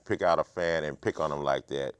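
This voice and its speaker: An easygoing man with an extremely deep voice who keeps chiming in with agreeable short replies. His talk is relaxed and loose. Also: fairly quick, clear, resonant tone, dry recording. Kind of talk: casual panel chat.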